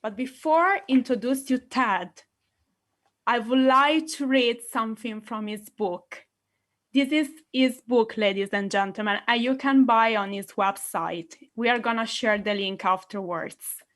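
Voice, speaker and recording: Slow-speaking Italian woman, theatrical. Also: on the high side, fairly bright tone. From Italy. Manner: playful, theatrical, addresses audience directly. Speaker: meeting host. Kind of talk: enthusiastic public address.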